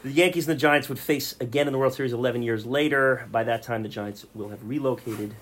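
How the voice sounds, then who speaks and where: A man's voice: medium pitch, fast talker, a bit bright. A man hosting a casual podcast, reading off film facts and joking with his co-hosts. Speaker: podcast host.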